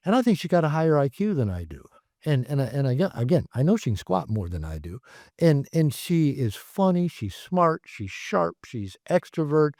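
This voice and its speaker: Animated man telling stories, rambling. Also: a little high, no room sound, clean studio sound. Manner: animated, rambling, many "you know" fillers. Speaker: therapist and author, interview guest. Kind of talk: casual conversational storytelling. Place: his home.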